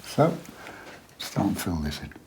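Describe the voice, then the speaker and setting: Male painting tutor, low and warm, chatty, murmurs while he works, faint hiss. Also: sing-song, a little slow. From England. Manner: quiet, chatty, drops to a murmur while working. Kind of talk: relaxed painting demonstration.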